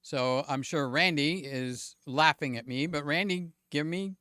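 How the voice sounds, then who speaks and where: A man's voice: fairly high pitch, unhurried, pushed and bright, smooth, dry recording. A man hosting a casual livestream in his home studio. He chats, thinks aloud, pokes fun at himself and keeps checking in with his viewers. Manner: self-deprecating, thinks aloud. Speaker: livestream host. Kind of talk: casual live-stream chat. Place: home studio with several cameras.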